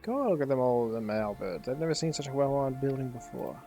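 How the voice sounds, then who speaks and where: A man's voice: mid-range voice, lively intonation, brisk, gravelly, dark tone, faint music behind. A man voicing a pompous aristocratic game character in a theatrical, put-on posh accent, reading the lines aloud over a game. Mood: haughty.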